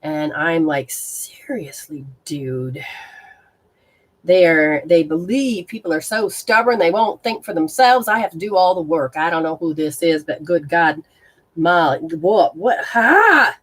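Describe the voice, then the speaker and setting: Hosting a live stream as a spiritual reader, a woman talks casually and bluntly with viewers, swearing, exclaiming, and reacting aloud to sensations. Her voice is fairly low, at a moderate pace.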